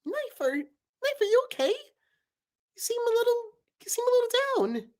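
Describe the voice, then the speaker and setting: Fussy, high-strung cartoon paper object, shrill and pedantic; a woman plays him. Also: big pitch swings, a little slow, darkish tone, exaggerated voice. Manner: fretful, nitpicking.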